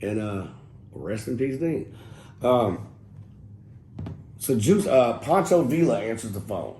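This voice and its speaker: Mellow-voiced man telling stories. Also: mid-range voice, slow pace. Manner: profane, animated, acts out quotes. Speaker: interview guest. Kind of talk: casual storytelling. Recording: echoey room with faint noise.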